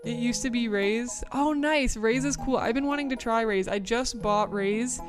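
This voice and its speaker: A woman's voice: a little high, moderate pace, over music. A woman streamer in casual livestream chat, bubbly and chatty as she reads out viewer messages and thanks them.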